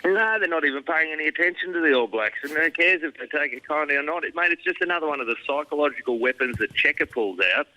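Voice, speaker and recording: Very bright-voiced Australian man bantering. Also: on the high side, quick pace, hardly any pauses, poor audio. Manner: laid-back, self-deprecating, full of "mate". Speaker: rugby pundit guest. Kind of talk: casual banter interview.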